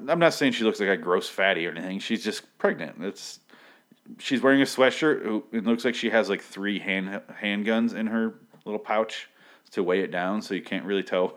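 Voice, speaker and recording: A young man giving a blunt, profane, joking recap of a TV episode in a rambling casual style. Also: sits low. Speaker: TV show recap vlogger.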